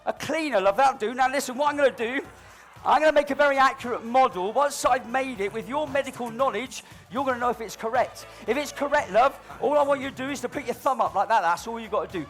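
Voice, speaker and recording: With soft background music, a man speaks quickly while poking fun at an audience member in his on-stage comedy balloon modelling routine. The patter is cheeky and mock-dramatic, jumping from loud announcing to low asides.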